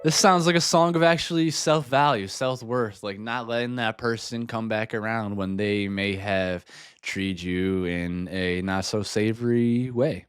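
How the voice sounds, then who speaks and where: A man's voice: lowish voice, a little slow. A man reacting to music in casual, rambling commentary, laughing often. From United States.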